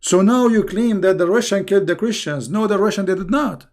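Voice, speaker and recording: Gravelly, emphatic man scolding his viewers. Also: high voice, brisk, a little mellow. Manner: restarts often, repeating words. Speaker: online show host answering viewer questions. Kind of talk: live stream Q&A commentary.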